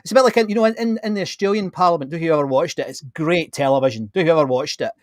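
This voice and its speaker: Man, podcast host, blunt and lively, slightly high voice, dry close mic. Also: very fast, no room sound. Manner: animated, blunt, many restarts. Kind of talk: casual conversation.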